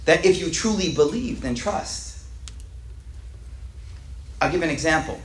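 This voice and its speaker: A man teaching a weekly religious class. He reads classical Arabic lines quickly, then explains them in relaxed, slangy everyday English. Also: a little high, slight background noise. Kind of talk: casual religious lesson reading a classical text. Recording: echoey room.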